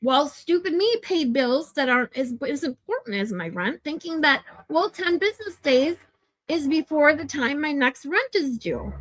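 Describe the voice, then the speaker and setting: A high-voiced woman hosting a casual livestream, venting in a worked-up rant full of swearing. Between outbursts she chats directly with her viewers and answers their messages. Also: a bit bright. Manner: worked-up, profane, swears freely; chatty, reads and answers chat. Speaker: livestream host.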